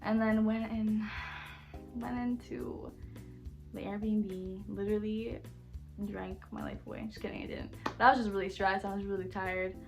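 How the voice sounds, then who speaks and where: A young woman telling a casual storytime on her channel, animated and blunt, saying "like" and "literally" constantly. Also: medium pitch, moderate pace, over music. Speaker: YouTuber.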